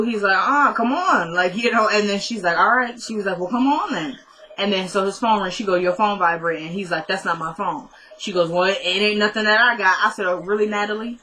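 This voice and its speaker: A woman chatting through a TV episode recap in a relaxed vlog style. Her voice sits at a middle pitch. She retells scenes by quoting the characters' lines one after another and breaks off for teasing asides to her viewers. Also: slight background noise, low-quality recording. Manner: playful asides and mock complaints to the viewer. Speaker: TV episode reviewer.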